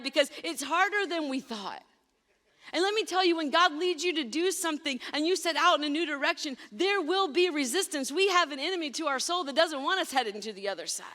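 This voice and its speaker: High-voiced woman preaching in a reverberant hall. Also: fairly bright tone. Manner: emphatic preaching, addresses listeners directly. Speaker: pastor. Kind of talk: sermon. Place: church sanctuary.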